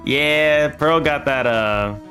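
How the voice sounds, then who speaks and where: A man's voice: a little high, sharp tone. A man streaming a game, chatting casually, laughing often and reading its dialogue aloud. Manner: reads all the game's characters aloud, laughs often, swears. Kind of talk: casual let's-play chat with read-aloud game dialogue. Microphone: desk microphone.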